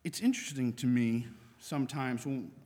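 A man's voice: mid-range voice, normal speed, a little mellow. A man preaching a sermon in a conversational way, reading scripture aloud between points. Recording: long reverb of a large hall.

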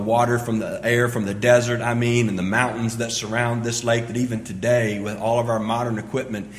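A man preaching a sermon as pastor, swinging between loud emphatic lines and quiet low asides. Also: a little hiss or hum. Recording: echoey hall with long reverb.

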